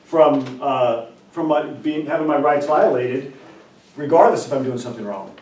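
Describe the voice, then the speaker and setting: A man, a professor, talking in an animated, emphatic way and telling a story, often repeating and restarting words. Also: mid-range voice, moderate pace. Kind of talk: animated casual discussion and storytelling. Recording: roomy, distant mic, faint background noise.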